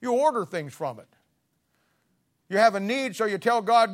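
Blunt, high-pitched preacher man. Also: lively intonation, normal speed. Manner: blunt, confrontational, swings from loud to low. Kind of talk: fiery sermon.

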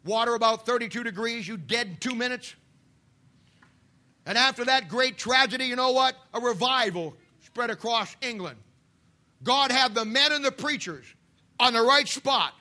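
A preacher man delivering a fiery sermon, swinging between loud shouts and hushed asides. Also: very high-pitched, moderate pace.

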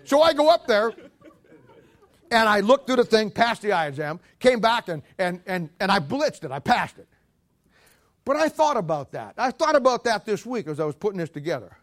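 Speaking at a moderate pace, a Missouri pastor with a high voice tells stories in a folksy, humorous sermon. He shifts animatedly from loud outbursts to quiet asides and chuckles at his own jokes.

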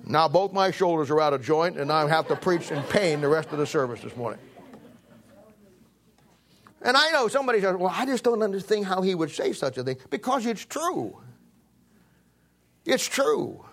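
A man's voice: high-pitched, sing-song, normal speed, pauses often, fairly bright tone. A man in his seventies preaching a sermon as pastor, telling folksy stories with emphasis and acting out quoted voices. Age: 70s. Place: church sanctuary.

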